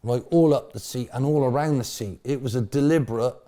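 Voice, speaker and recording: A man's voice: medium pitch, a little fast. A middle-aged man, a former football manager, telling colourful stories in an interview at a pub, full of slang. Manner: colourful slang, bursts of loud laughing shouts. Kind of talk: animated storytelling interview.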